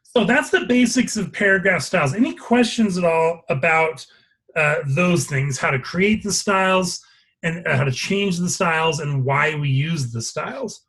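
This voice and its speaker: Guy teaching a live design class, bit of a higher voice, explains each click as he goes. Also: animated, normal speed, a bit bright, husky. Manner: explains step by step, checking for questions. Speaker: instructor. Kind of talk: live software lesson with screen demo.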